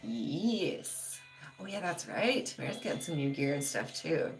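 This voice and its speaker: Low, gravelly woman chatting on a livestream. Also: sing-song, measured pace, faint music behind. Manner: chatty, heavy use of "like", laughs often. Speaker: livestream host. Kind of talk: casual livestream chat, reading viewer comments.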